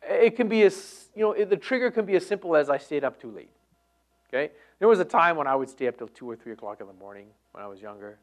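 A middle-aged man preaching a sermon, moving between loud emphatic lines and hushed near-whispers. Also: on the high side, expressive, quick pace. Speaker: pastor.

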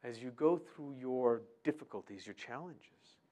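A man preaching a sermon in an earnest way, quoting scripture softly and often dropping to a near whisper for emphasis. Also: medium pitch, animated, a little slow. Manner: swings between soft quoted verses and louder urging.

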